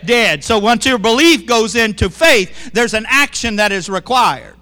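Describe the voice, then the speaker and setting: A middle-aged man preaches, and his voice sits high and sounds bright and forceful. He talks in animated bursts and keeps asking the congregation questions. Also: a little slow. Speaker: pastor. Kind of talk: sermon.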